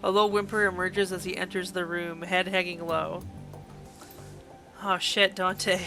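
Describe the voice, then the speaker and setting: A woman's voice: fairly low pitch, little pitch movement, unhurried, sharp tone, faint music behind. A woman streaming a game live, reading its text aloud and reacting with gushing, emotional outbursts. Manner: gushing, emotional reactions between read passages.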